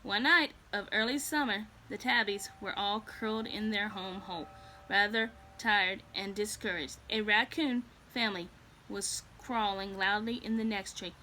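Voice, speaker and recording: A woman reading a children's storybook aloud in a gentle, unhurried way. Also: mid-range voice, a little hiss or hum.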